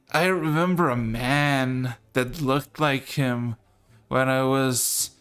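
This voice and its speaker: A man voicing a short, gruff old hag who keeps a tavern and drifts into wistful memories. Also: on the high side, fairly bright tone. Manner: gruff, folksy, drifting into reminiscence.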